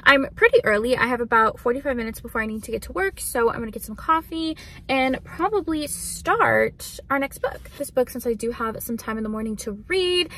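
A woman's voice: a little high, expressive, a little fast, bright, forceful tone, slight background noise. Chatty, gushing young woman book vlogger. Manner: gushing, chatty, heavy use of "like". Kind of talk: casual reading vlog. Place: parked car.

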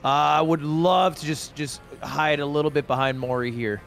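A man's voice: on the high side, steady tone, moderate pace, creaky, a bit bright, soft background music. A man playing a tabletop game, casually thinking aloud while he plans his moves. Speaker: player. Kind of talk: tabletop game play over a call.

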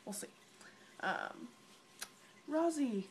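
A young woman records a vlog on her phone held at arm's length, chatting casually to friends in a bubbly, rambling way and often giggling between thoughts. Her high voice is expressive, with drawn-out words and a slight hiss or hum.

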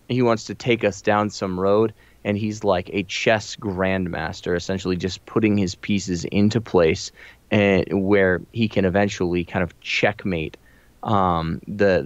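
Male podcast host, very low and dry voice, rambling casual talk; slightly muffled recording. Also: clean tone, no room sound. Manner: rambling, many ums and restarts. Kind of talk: casual commentary chat.

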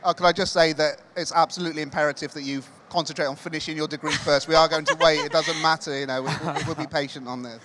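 A man's voice: a little high, steady tone, very noisy. Man teasing an award winner on stage. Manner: measured, building suspense with hints. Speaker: magazine editor presenting award. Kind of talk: on-stage speech. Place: large exhibition hall stage.

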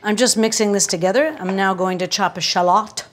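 A woman's voice: mid-range voice, brisk, a little hiss or hum. A woman hosting a casual home cooking demonstration, chatty and wry, with joking asides and anecdotes while she works. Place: home kitchen.

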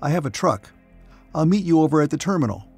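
A man voicing a lame young man who is quiet, thoughtful and firm, with a slightly higher voice. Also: animated, fast talker, creaky, husky, faint music behind, exaggerated voice.

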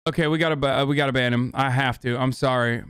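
A man streaming a casual reaction, talking in a profane, sarcastic, rapid-fire way into a close desk mic. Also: medium pitch, steady tone, fairly bright tone, clear, resonant tone, no echo.

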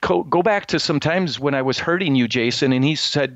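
A man's voice: fairly high pitch, brisk, hardly any pauses, a bit bright, no room sound. A middle-aged man speaking as an interview guest, telling a personal story earnestly with many restarts and fillers. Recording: slightly dull, lo-fi sound.

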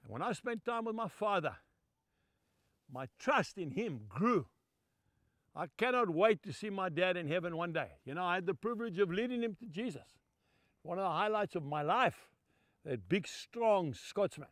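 A man's voice: sits high, expressive, moderate pace, a bit bright, dry recording, studio quality. An older man from Zimbabwe, preaching a sermon through emphatic, heartfelt storytelling.

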